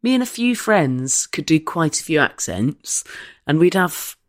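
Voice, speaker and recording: A woman's voice: sits low, big pitch swings, a little slow, dry recording, clean studio sound. A woman co-hosting a comedy podcast in casual chat, wry and understated, recorded remotely. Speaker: comedian co-host.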